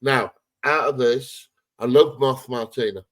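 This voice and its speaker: A man co-hosting a wrestling podcast in casual chat. He gives blunt, opinionated takes, laughs often and restarts his sentences. His voice sits at an ordinary middle pitch. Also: unhurried. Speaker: podcast co-host.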